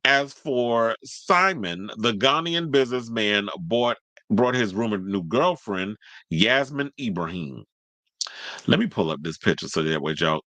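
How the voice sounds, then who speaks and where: A man's voice: medium pitch, bright, forceful tone, dry recording. A man giving casual celebrity gossip commentary, sassy and blunt, reading out news and riffing on it. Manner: sassy, blunt, reads news aloud and then riffs on it.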